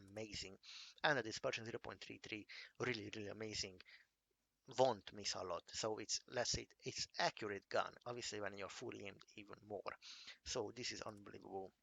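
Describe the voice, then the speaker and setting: A man giving a casual game review, enthusiastic and halting, calling things amazing again and again. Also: on the low side, vocal fry, bright, forceful tone, no room sound. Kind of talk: casual gameplay commentary.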